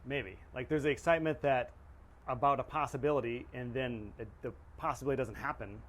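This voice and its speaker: A man's voice: medium pitch, fairly even intonation, brisk, fairly bright tone. A man in a middle range hosts a casual interview. He thinks aloud reflectively and hesitantly, restarting his sentences often. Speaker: podcast host.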